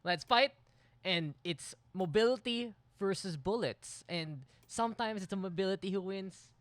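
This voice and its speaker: A man co-casting an esports match in casual banter, playful and teasing with quick laughs. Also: high-pitched, dry recording. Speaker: esports caster.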